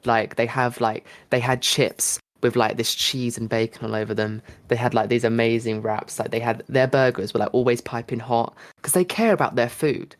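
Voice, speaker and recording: A man from the United Kingdom co-hosting a casual podcast. He rambles from one thought to the next, quick and full of fillers, with an easy middle-pitched voice. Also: steady tone. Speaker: podcast host. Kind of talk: casual chat.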